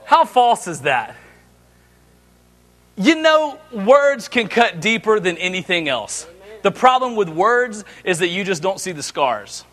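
A middle-aged man preaching a sermon, telling jokes and family stories with an animated delivery. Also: high-pitched, a little slow. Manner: animated, joking storyteller. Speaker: pastor.

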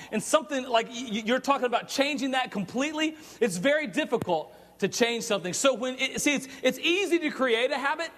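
A man with a high voice preaches through a long story, chatty and animated. He trips over his words and repeats them as he goes. His voice rings with the long reverb of a large hall. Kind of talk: storytelling sermon.

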